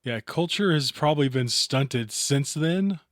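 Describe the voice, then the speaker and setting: A man's voice: fairly high pitch, expressive, measured pace, dry recording, studio quality. A man co-hosting a podcast, talking in a goofy, playful, casual way. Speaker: podcast co-host. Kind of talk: casual chat.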